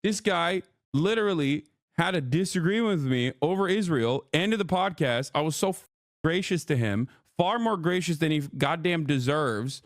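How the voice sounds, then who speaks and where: Streaming live, a man rants angrily and swears heavily, giving a heated reaction to another creator as he responds to his chat. His voice is on the high side and expressive, at normal speed, with clean studio sound and no room sound.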